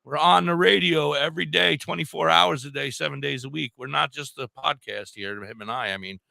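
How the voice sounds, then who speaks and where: An older man with a very gravelly, bright voice tells a rowdy story in a casual chat, animated and laughing as he goes. His voice sits a little high for a man. It is recorded close to the mic and sounds dry. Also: a little fast, no room sound. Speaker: podcast co-host.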